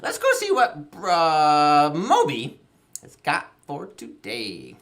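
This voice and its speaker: A woman hosts a children's library show in a playful, sing-song voice. She laughs often and acts out animal sounds while leading a song. Her pitch swoops around freely, and her pace is slow and deliberate. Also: huge pitch swings, heavy background noise.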